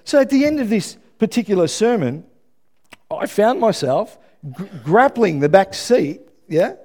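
Australian man, middle-aged, sermon, animated storytelling, slightly high voice. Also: unhurried. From Melbourne, Australia. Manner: lively storytelling with acted-out quotes and asides. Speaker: preacher.

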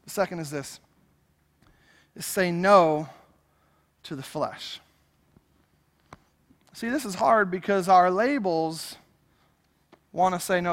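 Man, pastor, lively conversational sermon, high bright voice, long reverb of a church hall. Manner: animated, conversational preaching with acted-out asides.

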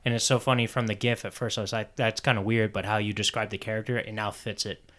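A man's voice: lowish voice, little pitch movement, fast, a bit bright. A man in casual conversation, friendly and upbeat, asking questions and sharing what he's heard about shows. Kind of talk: casual chat.

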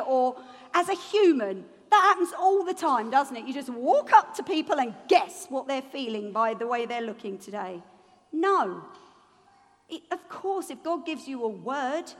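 High-voiced woman preaching. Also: big-room sound. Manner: lively, humorous, acts out voices. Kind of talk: sermon.

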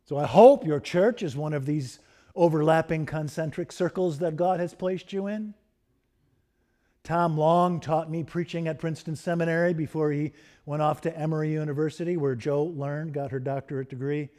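A man preaching a sermon in a church, telling stories and slowing down to stress key phrases. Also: a little high, steady tone, mellow. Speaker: pastor.

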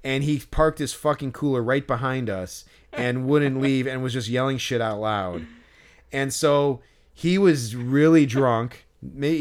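Smooth-voiced man telling a rambling story. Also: medium pitch. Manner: rambling, many fillers, swears freely. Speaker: podcast co-host. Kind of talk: casual storytelling chat.

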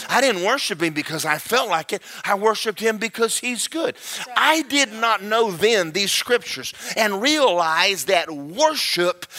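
A man preaching a sermon through a story, fast and animated, rising into shouted praise. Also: high-pitched.

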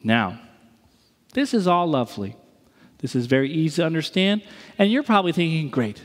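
A male pastor preaching a sermon in an animated manner, acting out the voices of his listeners. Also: fairly high pitch, a little fast, long reverb tail. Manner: animated, acts out inner voices.

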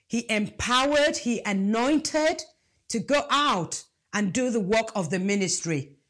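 Slow, deliberate woman preaching. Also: medium pitch. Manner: emphatic, rhetorical questions to the congregation. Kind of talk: sermon.

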